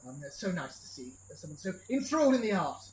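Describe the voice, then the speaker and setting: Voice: medium pitch, very animated, quick pace, reverberant, a little hiss or hum, voice pushed up, lightly acted, poor audio. A game master voicing a flamboyant male halfling fashion designer, showy and fawning.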